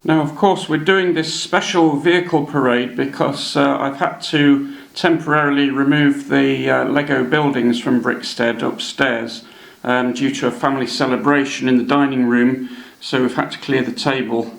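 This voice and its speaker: Man hosting a hobby show, gravelly, chatty and halting, echoey room. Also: medium pitch, steady tone. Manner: chatty, hesitant, many ums and uhs. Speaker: hobby channel host. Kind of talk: casual show-and-tell narration.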